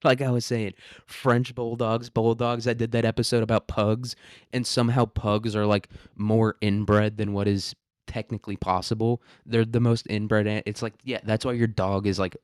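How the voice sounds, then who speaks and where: A young man rambles through a casual, profanity-laced rant at home, chuckling between thoughts. His voice sits fairly low and comes across smooth and resonant, in a dry, close recording. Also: flat delivery, normal speed, darkish tone, no room sound. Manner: profane, rambling, laughs often. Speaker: podcast host. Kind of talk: casual ranting monologue.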